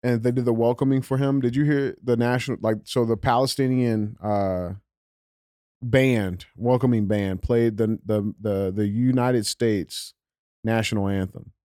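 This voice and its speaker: A man's voice: medium pitch, steady tone, a little slow, warm tone, no room sound, clean studio sound. A man co-hosting a podcast, talking casually with swearing and lots of fillers. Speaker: podcast co-host. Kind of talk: casual chat.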